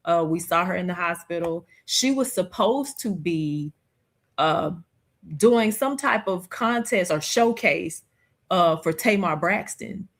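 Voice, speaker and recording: A woman hosting a livestream, talking slowly and reflectively in a casual chat with plenty of fillers. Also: on the low side, expressive. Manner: slow, reflective, conversational with many fillers. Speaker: streamer host.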